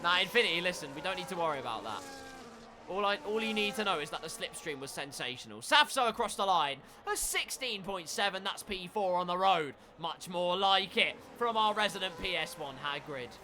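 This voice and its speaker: Man, sim race caller, high voice, excitable and jokey, noisy mix with engine sound under him. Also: brisk. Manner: excitable, jokey, breaks into shouts. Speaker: sim racing commentator. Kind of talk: live esports race commentary.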